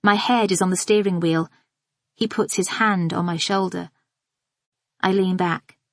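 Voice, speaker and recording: A woman narrating a first-person psychological thriller audiobook in a steady, measured reading. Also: on the low side, no echo.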